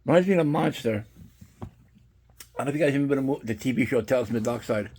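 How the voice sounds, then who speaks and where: Man, middle-aged, husky, mellow tone, rambling casual vlog chat, swears a lot. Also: mid-range voice, fast talker. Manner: rambling, profane storytelling. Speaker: horror collectible vlogger.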